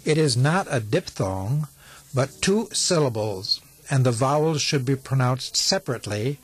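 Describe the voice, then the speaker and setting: A man reading a language lesson from an old instructional tape, slow and carefully enunciated. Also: mid-range voice, expressive, husky.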